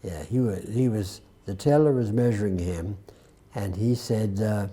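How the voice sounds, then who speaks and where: A man in his nineties with a Southern US accent, being interviewed and telling an unhurried story with dry humor. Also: lowish voice, warm tone. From Atlanta, US South. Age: 90s. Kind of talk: recounting a war memory.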